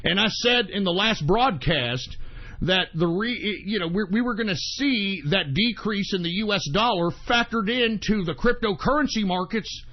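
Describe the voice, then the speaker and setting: A man hosting a radio show, ranting in a profane, combative monologue that flares into shouting. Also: sits high, normal speed. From United States. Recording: dull lo-fi audio.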